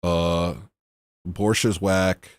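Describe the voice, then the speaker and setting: A man's voice: deep voice, fairly even intonation, extremely slow, clear, resonant tone, no echo, studio quality. A man hosting a livestream, rambling and joking in a self-mocking, comedic rant. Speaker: livestream host.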